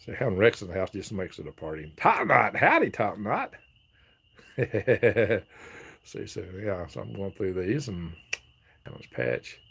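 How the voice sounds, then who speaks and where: A man's voice: on the low side, sing-song, a little slow, gravelly, a bit bright, slightly rough. A man hosting a casual live stream, reading viewer comments aloud, chatting and laughing often. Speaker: livestream host reading chat.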